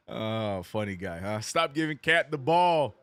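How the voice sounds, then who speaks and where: A man streaming a live basketball watch-along, calling plays and reading chat with animated, joking frustration. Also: on the low side, clear, resonant tone, no room sound. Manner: animated, joking, reads chat messages aloud; frustrated fan venting and cursing.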